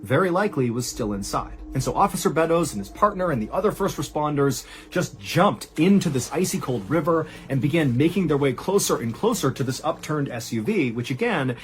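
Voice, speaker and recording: A man narrates a true horror story in a loose, conversational way. His fairly high voice swings widely in pitch and sinks low and quiet at the grim moments. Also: brisk, hardly any pauses. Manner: animated, rises high for quoted cries; conversational, uses "like" and "and so". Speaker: storyteller host.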